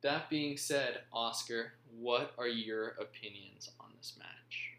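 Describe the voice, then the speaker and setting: A man's voice: medium pitch, takes it slowly, sharp tone, a little hiss or hum. A man hosting a casual football recap, rambling with frequent ums. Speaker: podcast host. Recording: roomy echo.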